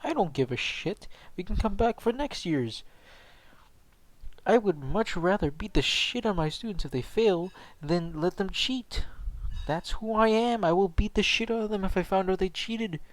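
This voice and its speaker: A man's voice: sits high, lively intonation, moderate pace, dry recording, voice pushed up. A man voicing a foul-mouthed, angry young male ninja teacher who talks bluntly and aggressively.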